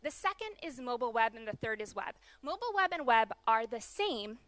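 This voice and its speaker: Bright-voiced young American woman presenting. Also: on the high side, sing-song, dry recording. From USA. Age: young adult. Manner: brisk explanatory delivery with fillers. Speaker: keynote speaker. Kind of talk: conference keynote presentation. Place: large conference hall.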